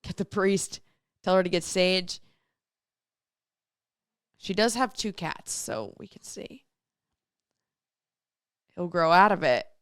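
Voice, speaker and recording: A woman runs a radio show alone, reading listener messages and telling a story in a relaxed, chatty manner. Her smooth voice is on the low side, slow and full of frequent pauses. There is no room sound, just clean studio audio.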